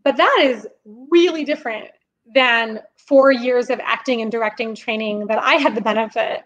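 A young woman with a high voice talks through her craft in a podcast interview. Her delivery is animated and explanatory, and she laughs easily as she goes. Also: normal speed, highs cut off. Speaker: podcast guest, singer and composer. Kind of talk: conversational interview.

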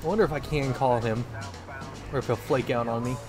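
A man's voice: medium pitch, fairly even intonation, brisk, music in the background. A man giving joking, sarcastic let's play commentary, at times bursting into mock wailing. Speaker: gaming commentator.

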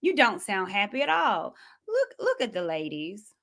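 A woman hosting her own commentary show, sassy and animated, with quick asides. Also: mid-range voice. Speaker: host. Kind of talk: commentary vlog.

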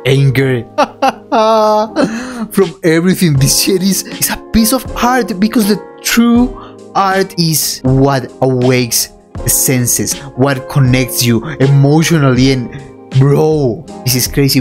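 A young man giving anime reaction commentary, excitable and emotional, swearing and often laughing while he talks. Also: fairly high pitch. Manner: excitable and emotional, swearing, frequent laughter, calls the viewer bro.

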